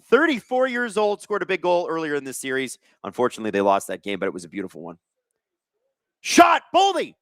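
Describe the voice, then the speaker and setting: Animated man calling hockey live. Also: medium pitch, fast, hardly any pauses, dry recording, studio quality. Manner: animated, reads chat aloud, excitable during plays. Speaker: streamer hosting a live hockey watch-along. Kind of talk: live play-by-play and chat reading.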